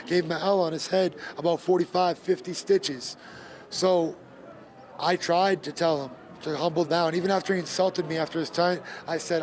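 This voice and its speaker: A man's voice: a little high, a little mellow. A man, a bare knuckle fighter, talking emphatically in a post-fight interview and repeating his points. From Gloucester, Massachusetts.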